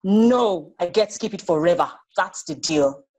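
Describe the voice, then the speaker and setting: A bossy, teasing big brother, as a woman puts him on, curt and smug as he orders his sister out of his room. Read aloud in a lively storybook manner. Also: on the low side, normal speed.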